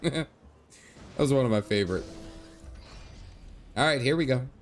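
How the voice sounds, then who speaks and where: Lively, chatty male game streamer. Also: mid-range voice, unhurried. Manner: chatty, laughs often, reads game text aloud. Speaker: gaming livestreamer. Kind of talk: casual game livestream chat.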